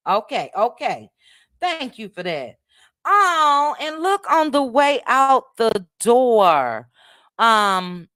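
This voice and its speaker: Midwestern woman, casual livestream host, talkative and friendly with chat; smooth, resonant tone, dry recording. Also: medium pitch, a bit bright, no echo. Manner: chatty, thanks viewers by name, drops "child" asides. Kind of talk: casual livestream chat reading viewer comments.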